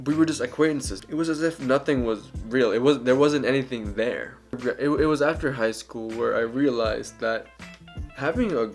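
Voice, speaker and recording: Gravelly young man vlogging. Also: mid-range voice. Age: young adult. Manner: candid, joking, rambling. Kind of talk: casual Q and A vlog.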